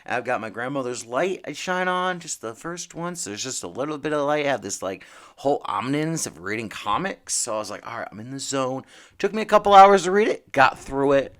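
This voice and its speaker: A man's voice: mid-range voice, expressive, brisk, fairly bright tone. A man hosting a casual comic book podcast, rambling and emphatic, with frequent restarts. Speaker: podcast host.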